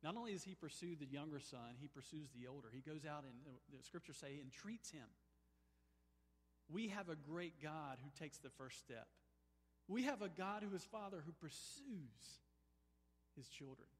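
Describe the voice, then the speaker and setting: A man preaching a sermon as a pastor, moving between emphatic, rising exclamations and quiet, pleading passages. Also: fairly high pitch, expressive, moderate pace, slightly rough, big-room sound. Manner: emphatic, swings from soaring exclamations to hushed pleading.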